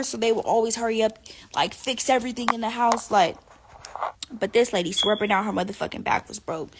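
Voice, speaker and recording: A young woman telling stories in a casual interview, animated and profane, often laughing. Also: fairly high pitch, fast, background noise. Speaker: interview guest. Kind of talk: casual storytelling.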